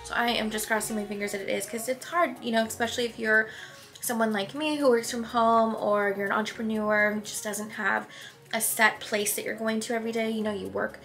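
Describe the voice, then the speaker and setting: A woman's voice: fairly high pitch, fairly even intonation, a little fast, fairly bright tone, soft background music. A young woman vlogging casually to camera, chatty and rambling, a little out of breath. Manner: chatty, rambling, frequent laughs.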